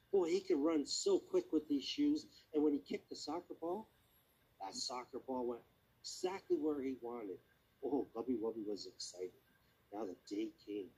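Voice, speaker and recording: Husky man telling a children's sermon. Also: medium pitch, poor audio. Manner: animated, asks listeners questions.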